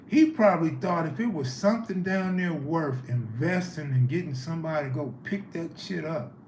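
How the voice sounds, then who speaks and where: The speaker is a male livestream host with a voice on the high side and a darkish tone. He chats casually and reacts to his audience's comments, in an echoey room carrying faint background noise.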